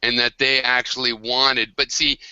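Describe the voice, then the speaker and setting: A man's voice: medium pitch, little pitch movement, moderate pace, sharp tone, clean tone, no echo, muffled recording. An American man hosting a casual online group discussion, talking in long rambling turns with many restarts. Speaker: host of an online hangout.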